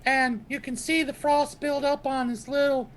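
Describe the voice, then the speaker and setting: A woman's voice: high-pitched, level tone, moderate pace. A woman playing a tabletop game, gleefully describing her spell's effects. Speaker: player.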